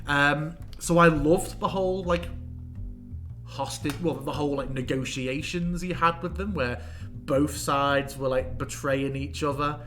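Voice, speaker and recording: A man's voice: fairly high pitch, soft background music. A man and game master, chatting casually and animatedly about a finished campaign, acting out quotes as he goes. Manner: animated, quick, swearing, acts out quotes. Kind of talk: casual chat looking back on a campaign.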